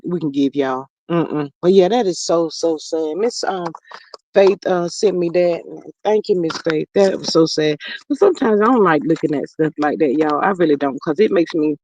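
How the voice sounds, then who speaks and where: A woman's voice: fairly low pitch, no room sound. A woman hosting a live stream, reading viewers' comments aloud in a folksy, sighing way and calling them "child" and "y'all". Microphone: streaming setup. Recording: dry, dull lo-fi stream audio.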